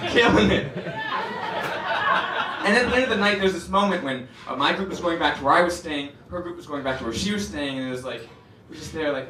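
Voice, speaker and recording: A young man doing a stand-up comedy set, telling animated stories with acted-out voices, from a club stage. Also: on the high side, brisk, noisy background. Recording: roomy club, distant mic, crowd laughter.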